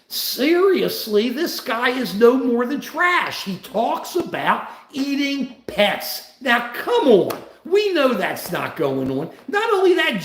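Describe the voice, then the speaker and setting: A man's voice: very high voice, reverberant. An older man hosting a political livestream, blunt and ranting, greeting viewers between points. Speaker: livestream host.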